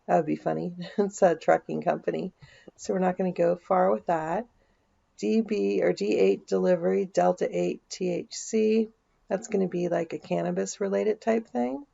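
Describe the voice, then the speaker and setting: A woman's voice: on the low side, fairly even intonation, moderate pace, vocal fry, warm tone, highs cut off. A woman vlogger, chatting casually as she walks through a search on her screen, thinking aloud with dry asides. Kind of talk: casual screen-share walkthrough.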